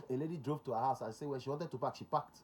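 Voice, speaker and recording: Nigerian male host, mid-pitched voice, drives points home with repetition and Pidgin asides. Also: fast talker, darkish tone. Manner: emphatic, repeats key points, slips into Pidgin. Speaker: security relations consultant, show host. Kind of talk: talk show monologue.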